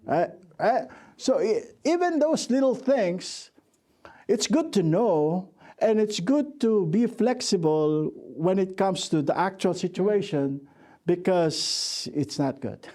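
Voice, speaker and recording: Taking it slowly, a middle-aged man with a high, dark-toned voice and lively intonation presents a conference workshop talk. He's a joking, self-deprecating storyteller who frequently restarts his sentences.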